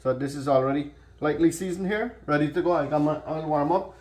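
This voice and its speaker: A man with a Guyanese accent hosting a home cooking channel, telling a long joke in an easygoing, relaxed way before cooking. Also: fairly high pitch, a little fast. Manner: easygoing storyteller, relaxed creole grammar. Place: home kitchen.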